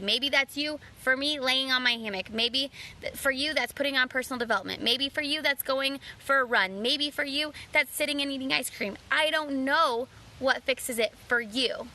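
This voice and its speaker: A woman's voice: high voice, bright, forceful tone, a little hiss or hum. A woman in her thirties, a mom, giving an earnest motivational talk and challenging listeners with direct questions. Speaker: mom vlogger.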